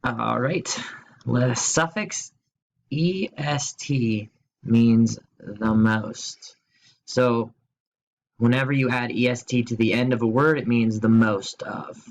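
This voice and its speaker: Male teacher recording a home-school grammar lesson, mid-pitched, easygoing and jokey, spells things out slowly. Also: gravelly, low-quality recording. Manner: playful, asks quiz questions and jokes; slow, spelled-out explanations.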